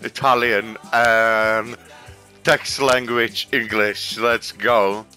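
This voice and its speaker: Excitable guy chatting over a game, kinda low bright voice. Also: very slow, faint music behind. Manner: excitable and chatty, says "mate". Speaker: gameplay streamer. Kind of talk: casual gameplay commentary.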